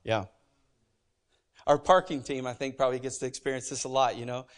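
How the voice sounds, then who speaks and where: A pastor preaching a sermon in a church, animated and emphatic, with joking asides. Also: male voice, medium pitch, a little fast. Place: church sanctuary.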